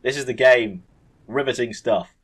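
A man's voice: medium pitch, normal speed, slightly rough. A man hosting a casual let's play, rambling and self-deprecating as he reads game text aloud. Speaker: gaming channel host.

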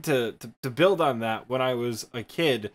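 A man's voice: mid-range voice, normal speed. A man with a thick Michigan accent, co-hosting a podcast in casual, rambling chat full of fillers and self-deprecating asides. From Midwestern United States. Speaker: podcast co-host.

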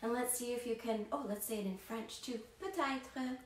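Animated woman storyteller in an echoey room. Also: a little high, fairly quick, distant mic. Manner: animated, playful, talks straight to young viewers. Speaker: children's storyteller. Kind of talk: interactive children's storytelling performance. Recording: echoey room, voice heard from off-mic, faint background hiss.

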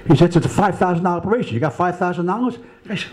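A man's voice: high voice, very fast, few pauses. A man telling a long joke in a bar and acting out the characters' lines. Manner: animated storyteller, acts out the characters' lines.

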